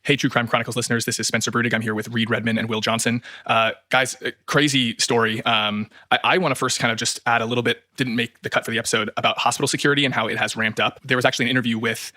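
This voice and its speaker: Fast, bright male podcast narrator. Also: mid-range voice, level tone, no echo, studio quality. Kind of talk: scripted true-crime narration.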